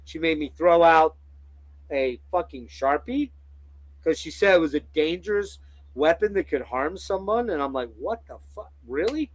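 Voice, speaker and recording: A man hosting a casual podcast chat, telling profane, animated stories and acting out the quotes. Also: fairly high pitch, normal speed, no echo, rough recording. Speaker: podcast host.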